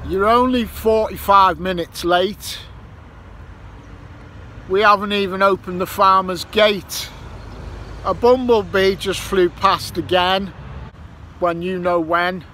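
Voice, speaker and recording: Vlogger, male, high bright voice, slow and sweary, with traffic faint behind him. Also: fairly even intonation. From Ireland. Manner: sweary, grumbling, improvises rhymes. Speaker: metal detecting vlogger. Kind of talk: casual vlog monologue. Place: outdoors by a roundabout near a petrol station. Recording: faint traffic noise outdoors. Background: passing traffic.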